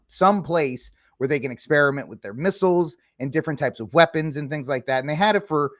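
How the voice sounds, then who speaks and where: A man hosting a casual political podcast, opinionated and mocking, sometimes acting out quick impressions of politicians. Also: on the high side, no echo, clean studio sound. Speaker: podcast host.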